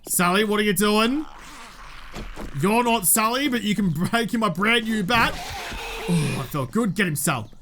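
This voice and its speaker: A man's voice: high-pitched, animated, a little slow, fairly bright tone, slight background noise. Chatty Australian man playing a game. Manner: chatty, jumpy, talks to game characters. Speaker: gaming YouTuber. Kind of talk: let's play commentary.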